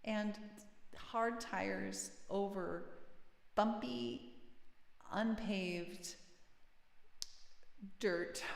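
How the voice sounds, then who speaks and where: Slow-talking woman, echoey livestream chat. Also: medium pitch. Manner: chatty, laughing while telling a story; gentle and encouraging. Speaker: livestream host and singer-songwriter. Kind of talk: casual chat between songs. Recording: roomy echo with long reverb, faint guitar.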